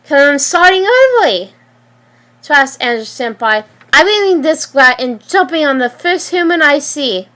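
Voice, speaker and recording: A woman reading a story aloud and voicing a cocky young male virus, cold and defiant, with a flat, matter-of-fact delivery and small stumbles. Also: high-pitched, a little slow, exaggerated voice.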